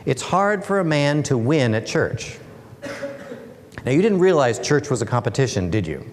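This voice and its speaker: A man's voice: mid-range voice, very animated, moderate pace, a little hiss or hum. Playful man in an echoing hall. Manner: playful, asks the audience rhetorical questions. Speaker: guest speaker and author. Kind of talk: humorous presentation talk. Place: lecture hall. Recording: long hall reverb.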